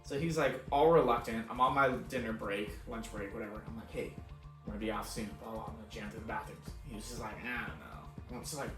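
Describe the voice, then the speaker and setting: A man's voice: fairly low pitch, quick pace. Man, podcast co-host, casual swearing storyteller, frequent laughter, faint background music. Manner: laughs often, swears freely, animated retelling. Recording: roomy echo, distant mic, faint music.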